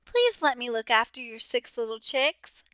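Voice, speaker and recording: A woman's voice: a little high, sing-song, moderate pace, bright, forceful tone, clean tone, no echo, studio quality. A woman voicing a shy, misunderstood big bad wolf who talks sweetly and sulks when he is hurt. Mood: sweet, hopeful. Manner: sweet and eager to please, sulky when hurt.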